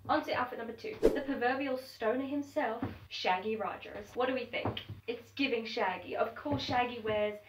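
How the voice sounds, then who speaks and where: This is a young woman's casual, upbeat to-camera vlog chat, recorded indoors at home. Her voice leans high and she talks at a normal pace with barely any pauses, but the distant, roomy recording is very noisy.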